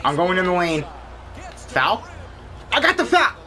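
A young man commentating his own basketball gameplay, excitable, complaining and yelling at the game. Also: high-pitched, measured pace, a faint crowd. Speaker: gaming YouTuber.

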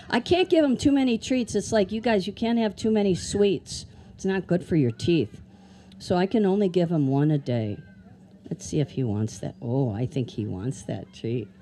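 A woman with a somewhat low, warm voice hosts an animal show for children outdoors. She talks in a chatty, playful way and keeps asking the kids questions. A faint background noise sits under her voice. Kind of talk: live educational talk to kids. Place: outdoor amphitheater.

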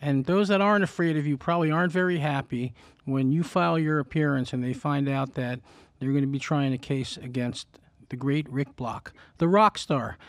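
A man's voice: medium pitch, normal speed, no room sound. A man hosting a podcast interview, wrapping it up with effusive praise for his guest. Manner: effusive, flattering. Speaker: podcast host. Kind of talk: interview wrap-up.

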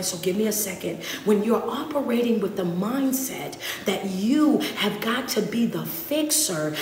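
A woman motivational speaker and life coach giving a live-streamed talk in a rhythmic, repetitive, preacher-like cadence. She often drops to soft near-whispers to comfort her listeners. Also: fairly high pitch. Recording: roomy echo with faint background noise.

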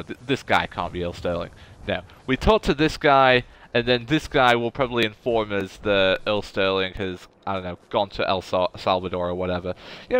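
A man chats through a live game stream in a smooth, clear voice. He talks unhurriedly but his pitch leaps around, turning gushing and emotional as he reacts to his viewers. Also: fairly bright tone. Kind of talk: casual live-stream chat.

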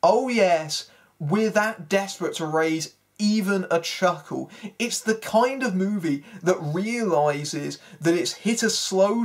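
A film critic giving a spoken review in a sarcastic, exasperated manner. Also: medium pitch.

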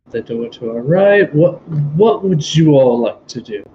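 A man's voice: on the high side, lively intonation, moderate pace, warm tone, dull audio, a little hiss or hum. A man playing in a tabletop game over an online call, talking casually and hesitantly with lots of questions. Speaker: player.

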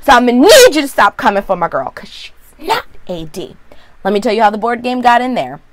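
A woman giving a sassy, opinionated recap of a TV episode in a casual vlog, full of quick asides. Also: a little high, big pitch swings, no echo. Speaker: vlogger.

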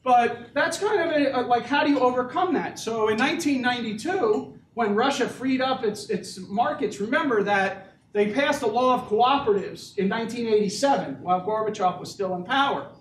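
Male professor, high-pitched, conversational lecture style, recorded from a distance in a lecture hall with faint background noise. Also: expressive, moderate pace, hardly any pauses. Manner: conversational, asks the audience questions. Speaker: economics professor. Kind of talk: university lecture. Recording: echoey hall, mic from a distance.

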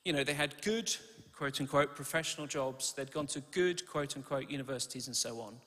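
A man's voice: medium pitch, fairly quick, sharp tone. A man preaching a sermon in a church, talking in a conversational way, asking his listeners questions and correcting himself as he goes. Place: church hall. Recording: reverberant church hall.

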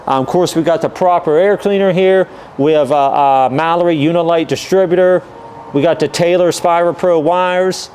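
A man's voice: high voice, a little mellow, slight background noise. A man casually walking a camera around a classic car for sale, talking methodically with frequent fillers. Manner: easygoing, methodical, many "um" and "uh" fillers. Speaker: car dealer walkaround presenter. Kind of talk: casual vehicle walkaround narration.

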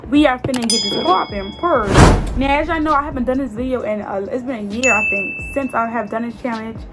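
Excitable young woman vlogger, high voice. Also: fairly quick, loud music behind the voice. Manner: expressive, exclamatory, slangy. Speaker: beauty vlogger. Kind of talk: casual chat to camera.

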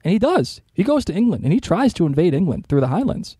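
A man's voice: high voice, very animated, quick pace, mellow, husky, no echo, clean studio sound. A man co-hosting a casual history podcast, explaining things with jokes and frequent laughs. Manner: joking, laughs often while explaining. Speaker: podcast co-host.

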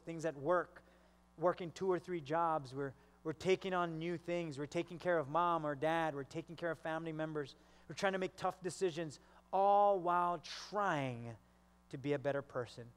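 A male pastor delivering a sermon with a fairly high voice, and he slips into the voices of the people in his stories. His words carry a long reverb from the church hall. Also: clean tone. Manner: storytelling, acts out quoted voices.

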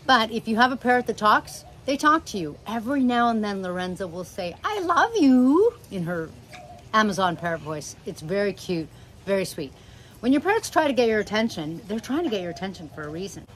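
A woman's voice: medium pitch, a bit bright, slight background noise, rough recording. Rambling woman chatting about her parrots. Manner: affectionate, rambling, talks to her birds mid-sentence. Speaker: parrot owner and channel host. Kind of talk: casual chat to camera. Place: home with parrots.

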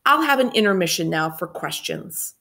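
A woman's voice: lowish voice, animated, normal speed, gravelly, sharp tone, full character voice. A woman voicing a confident, bossy little schoolgirl who tells stories to her class in a firm, precise way. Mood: self-assured. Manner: firm, precise, self-assured.

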